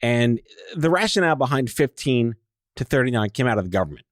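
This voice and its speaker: A man hosting an interview podcast, teasing his guest with quick wisecracks in a casual chat. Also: mid-range voice, very animated, no room sound, studio quality. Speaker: podcast host.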